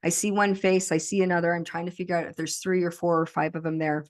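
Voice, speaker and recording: A woman with a fairly low voice, speaking as a podcast guest. She relives a traumatic memory aloud in vivid present tense, with steady intensity. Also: fast talker.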